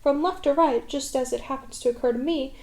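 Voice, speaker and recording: Old donkey, gloomy and sardonic, deadpan delivery , woman reading. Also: high voice. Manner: dry, slow, sarcastic.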